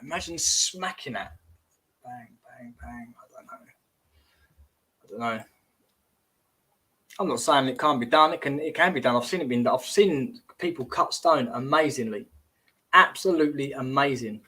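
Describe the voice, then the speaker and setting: Chatty man, rather high voice. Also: a bit bright, breathy edge. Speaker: host. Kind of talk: casual livestream commentary.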